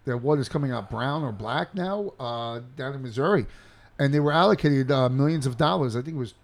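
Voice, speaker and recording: A man's voice: mid-range voice, lively intonation, brisk. A middle-aged man from New York with a Queens accent, co-hosting a casual podcast chat and rambling with stammered restarts. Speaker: podcast co-host.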